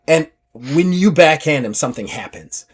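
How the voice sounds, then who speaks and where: Give me a male game master narrating a tabletop session. His voice sits a little high, and he is animated, dropping briefly into character voices. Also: moderate pace, breathy edge.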